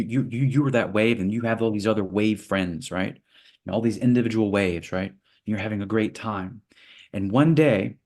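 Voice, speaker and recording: A man, interview guest, telling parables in a relaxed conversation and acting out little voices for the characters. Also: fairly low pitch. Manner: playful, acts out little voices in his parables. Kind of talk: storytelling in conversation.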